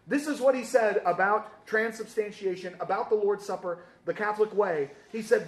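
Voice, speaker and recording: A man teaching a casual sermon in a church, lively and joking, with many fillers and questions to the room. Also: high voice, moderate pace, hardly any pauses, roomy sound.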